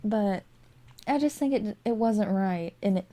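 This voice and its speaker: A woman's voice: mid-range voice, unhurried, dark tone. A young woman rambling casually as she narrates a game build, sleepy and full of fillers and little laughs. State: sleepy, yawning. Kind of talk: casual voice-over commentary while building. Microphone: desk microphone.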